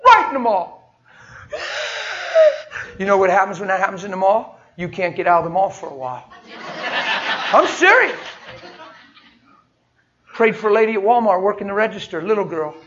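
A man's voice: sits high, lively intonation, a little fast, long pauses, fairly bright tone, muffled recording, slight background noise. A man preaching a sermon, telling stories in a folksy, heartfelt way and acting out the people in them. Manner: folksy, heartfelt, acts out dialogue. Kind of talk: sermon with storytelling.

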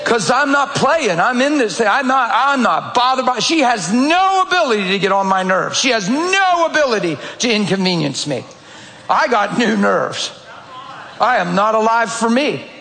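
A male pastor preaching a sermon in a church, telling stories in a direct, animated, conversational way. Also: extremely high pitch, normal speed, creaky. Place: church sanctuary. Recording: echoey church hall, faint ambience.

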